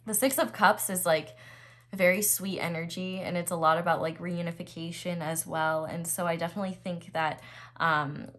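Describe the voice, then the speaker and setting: Young female tarot reader, low-ish voice, chatty and loose with fillers, sudden excited lifts. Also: moderate pace. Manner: chatty, filler-heavy, excited bursts over cards. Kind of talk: casual tarot reading to camera.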